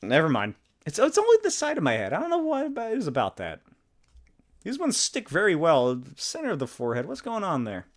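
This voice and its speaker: Man, comics stream host, casual chat, jokey, laughs a lot, fairly high voice. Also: wildly swooping pitch, brisk. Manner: giggly and joking, swears casually.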